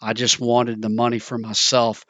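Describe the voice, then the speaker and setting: A preacher playing a remorseful tax collector in a sermon story, earnestly pleading for forgiveness. The voice is bright and sharp, with a dry, close sound. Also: male voice, mid-range voice, completely flat delivery, normal speed, dry recording, close to an everyday voice. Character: repentant male tax collector apologizing.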